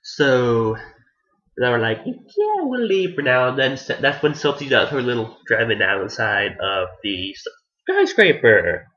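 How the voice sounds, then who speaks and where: A man's voice: mid-range voice, expressive, a little slow, bright, forceful tone, highs cut off. A man giving a casual, rambling anime review who restarts his sentences often and swears offhandedly.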